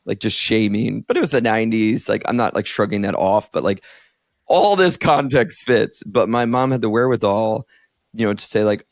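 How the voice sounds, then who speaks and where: A man in his thirties from Northeast Ohio talks candidly on his podcast, full of "like"s. His voice sits low with a gravelly edge. The sound is close and dry, with no room in it. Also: expressive, normal speed, no room sound. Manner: candid, heavy use of "like", emotional storytelling. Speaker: podcast co-host, therapist. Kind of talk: casual podcast conversation.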